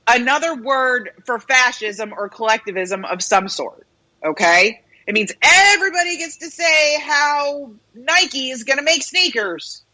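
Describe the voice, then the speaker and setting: A woman's voice: sits high, pushed and bright, low-quality recording. A woman co-hosting a radio show in casual chat, opinionated and ranting, swearing freely. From United States. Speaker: radio co-host.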